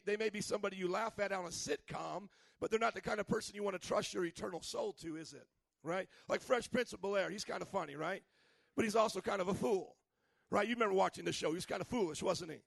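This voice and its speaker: A male pastor preaching a sermon, asking the congregation questions and building up to shouts. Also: sits high, vocal fry, no echo. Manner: preachy call-and-response questions, rising to shouts.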